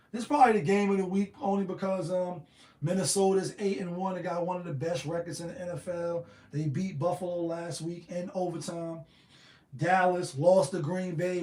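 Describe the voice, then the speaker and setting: A man hosting a casual solo show on betting picks, slangy and animated, firing off rhetorical questions. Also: high voice, roomy sound. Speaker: sports betting show host.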